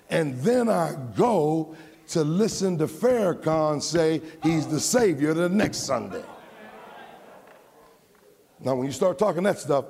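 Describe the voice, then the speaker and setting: A male pastor delivers a sermon in a high, husky voice with a gravelly edge. He swings between shouted, rising lines and low, quieter asides. The sound carries the long reverb of a church hall.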